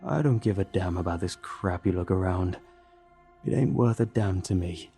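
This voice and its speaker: A man voicing a monstrous male creature, speaking in a slow, menacing Texas drawl. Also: deep voice, dark tone, soft background music.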